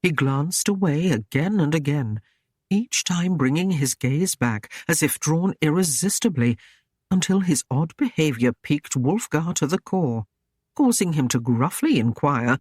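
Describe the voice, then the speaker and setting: A man narrating a historical romance audiobook in a measured, even storytelling manner. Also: a little high, breathy edge, no echo, clean studio sound. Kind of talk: scripted narration.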